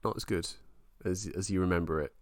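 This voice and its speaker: A young man co-hosting a casual sports podcast, rambling and excitable as he retells a fight. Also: low voice, fairly quick, no echo, clean studio sound. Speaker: podcast co-host.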